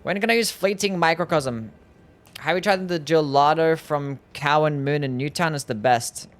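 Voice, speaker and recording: A man's voice: on the high side, moderate pace. A man casually streaming a game live, chatting and answering his viewers in a laid-back way.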